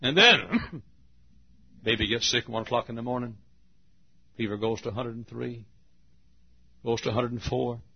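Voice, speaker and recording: A man preaching a folksy storytelling sermon, dropping to hushed tones and rising again, on a lo-fi recording. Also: medium pitch, level tone, moderate pace, creaky, pauses often, slightly rough. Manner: folksy, swings from hushed to loud.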